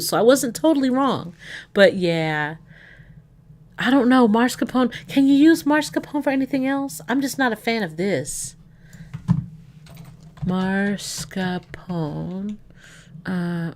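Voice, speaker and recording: A woman chatting away on a livestream in a loose, rambling way, thinking out loud as she goes. Her talk is full of fillers and restarts, in the easy manner of a casual stream host. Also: medium pitch.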